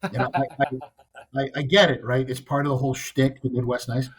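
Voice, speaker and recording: A man's voice: mid-range voice, level tone, a little fast, a little hiss or hum. A man from the US East Coast co-hosting a podcast, telling a story in a blunt, wry, self-deprecating way. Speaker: podcast co-host. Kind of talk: casual chat.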